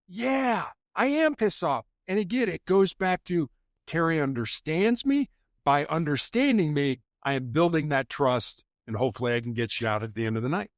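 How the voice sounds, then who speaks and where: A middle-aged man talks through stories as a podcast guest, slipping into other people's voices for quoted lines. His voice sits a bit high and moves around a lot in pitch. The sound is dry, with no room to it. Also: moderate pace, dry recording. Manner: animated, acts out quoted dialogue. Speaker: podcast guest, former police officer and hostage negotiator. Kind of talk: conversational storytelling.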